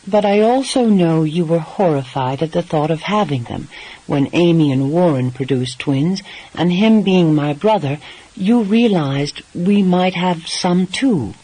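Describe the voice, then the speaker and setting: A man doing a stubborn young American wife, husky, defensive, hedging, storybook romance. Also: a little high, animated, unhurried, dark tone, low-quality recording.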